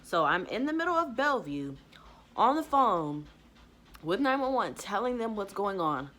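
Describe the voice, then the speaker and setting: Her medium-pitched voice swings widely in pitch, at normal speed and with a fairly bright tone. Speaking to camera on her podcast, she casually rambles through a personal anecdote, saying "like" constantly and reenacting what she told people at the time.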